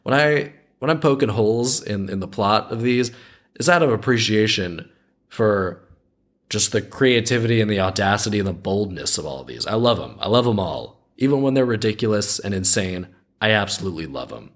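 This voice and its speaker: Wry low-voiced man reading folk tales. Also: animated, a little fast. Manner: wry, skeptical, rambling asides. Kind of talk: storytelling with casual commentary.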